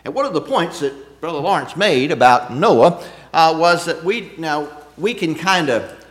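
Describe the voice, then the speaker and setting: Asking rhetorical questions throughout, a man delivers a conversational sermon that swings between loud emphasis and quiet asides. His voice is a little high and animated, and a little slow.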